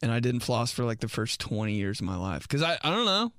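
A man's voice: mid-range voice, very animated, brisk, a bit bright, dry recording, clean studio sound. A man in his twenties telling comic stories in a rambling, filler-heavy way. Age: 20s. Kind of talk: casual comedic monologue.

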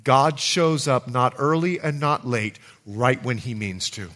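A man preaching a sermon as pastor, swinging from loud calls to hushed low lines. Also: expressive, a little slow. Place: church.

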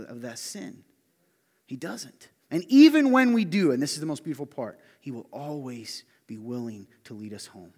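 Southern male pastor, mid-pitched, lively sermon with jokes, sound rings in a big hall. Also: breathy edge. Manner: animated, joking asides, swings from loud to hushed. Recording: reverberant hall.

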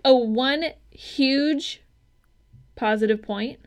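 A woman's voice: high voice, drawn-out words. Woman cohost, blunt n sweary, lots of ums, chatty movie talk. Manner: blunt, profane, chatty with hedging fillers. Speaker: podcast co-host. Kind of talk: casual movie-review banter.

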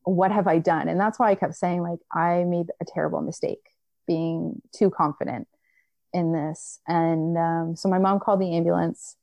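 A young woman recounts a personal story in an easy, chatty way, with lots of "like" fillers. Her voice sits a little low and sounds mellow and warm. The sound is dry and close. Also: normal speed, gravelly, no room sound, muffled recording. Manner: animated retelling, acting out quoted people, many filler likes.

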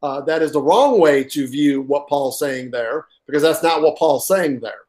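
A man preaching a sermon as pastor, stressing points with pauses for effect, repeating key lines and often filling gaps with "uh". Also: fairly high pitch, a little mellow. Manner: halting with frequent uh fillers.

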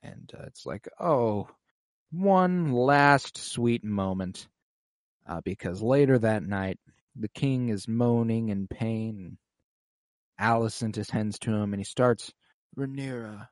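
A man's voice: fairly low pitch, takes it slowly, dry recording. Male podcast co-host, casual and emotional episode recap, dry close sound. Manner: emotional, swears casually, says "like" often.

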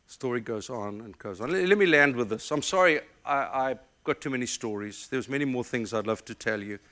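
A middle-aged man from the United States, a pastor, telling personal stories in a sermon with emotional, animated delivery. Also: mid-range voice, normal speed. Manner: emotional, animated storytelling with quoted voices. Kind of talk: storytelling sermon.

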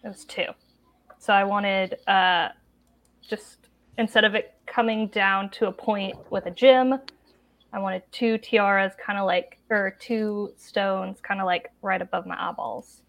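Slow-talking woman groping for words. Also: mid-range voice, fairly even intonation, creaky, a bit bright. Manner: halting, searching for words, many fillers. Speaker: player. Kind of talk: casual tabletop play.

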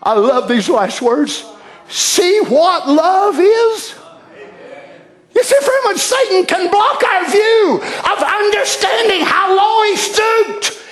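A man preaching a fervent evening sermon in church, shouting passages and then dropping to quiet asides. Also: extremely high pitch, animated, slow pace. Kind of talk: impassioned sermon. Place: church sanctuary. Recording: echoey church hall.

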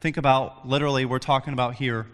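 A man's voice: mid-range voice, quick pace, clean tone, in a large hall. A young man preaching a casual sermon to students, telling stories and acting out quotes. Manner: animated storytelling, acts out quotes. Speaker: youth preacher.

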